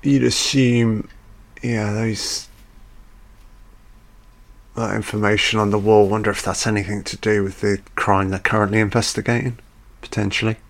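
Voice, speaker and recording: Gravelly man, crude casual commentary. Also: fairly low pitch, little pitch movement, moderate pace. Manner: crude, joking, off-the-cuff, heavy swearing. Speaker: film commentator. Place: at home with a dog.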